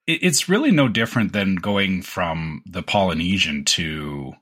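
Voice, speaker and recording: A man co-hosting a podcast in casual chat, with a deep radio-announcer voice, rambling and restarting his sentences. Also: expressive, measured pace, a bit bright, husky. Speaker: podcast co-host.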